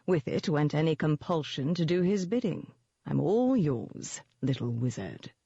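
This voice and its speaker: An audiobook narrator voicing a cultured, menacing gentleman demon who speaks slowly and smoothly, with a taunting edge. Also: medium pitch, lively intonation, dry recording, dull audio, heavily acted. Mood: silky menace. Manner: slow, smooth, taunting delivery. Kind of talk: audiobook character voice.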